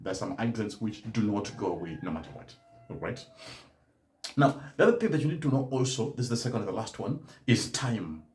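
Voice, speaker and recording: A man's voice: fairly low pitch, expressive, brisk, a little mellow, roomy sound. A man teaching German learners in a live-stream talk, speaking emphatically and often adding "right?" to his points. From Kenya. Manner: emphatic, tags statements with "right?".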